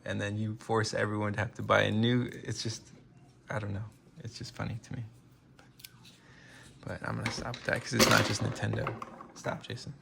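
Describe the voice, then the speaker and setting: A man's voice: fairly low pitch, gravelly, a bit bright, breathy edge. An American man rambling through a casual vlog, joking and interrupting himself often. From United States. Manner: rambling, self-interrupting, jokey. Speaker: vlogger.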